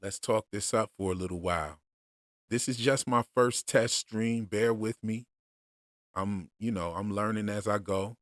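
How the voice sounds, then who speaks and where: A man chatting casually on a livestream about show theories, relaxed and unhurried, with lots of fillers and restarts. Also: on the low side, no room sound, clean studio sound. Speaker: streamer discussing show theories.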